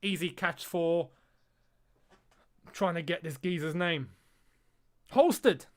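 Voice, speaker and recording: A man hosting a live football watch-along, chatting casually and crying out at the action. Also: on the high side. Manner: excitable, chatty, quick to laugh and cry out at the action. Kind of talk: live casual match commentary and chat.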